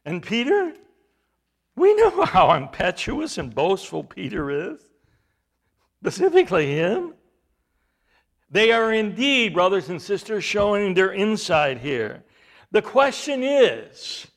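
A man preaching a sermon, emphatic, with rhetorical questions and swings between loud and hushed delivery. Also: high-pitched, very animated, slow pace, long pauses.

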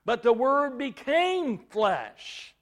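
A man's voice: extremely high pitch, sing-song, very slow, a bit bright. A man preaching a sermon, teaching from scripture in an emphatic way, with bursts of volume.

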